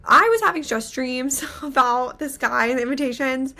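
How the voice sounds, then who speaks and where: A young woman tells a story on a casual podcast, her voice sitting a little high. She acts out what people said and fills her sentences with "like.". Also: normal speed. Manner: animated storyteller, acts out quotes, many "like" fillers. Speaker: podcast co-host.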